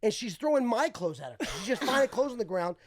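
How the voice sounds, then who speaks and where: A young man on a podcast, telling a wild story with lots of laughter and quick voices for the people in it. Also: extremely high pitch, expressive. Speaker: podcast guest. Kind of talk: casual storytelling.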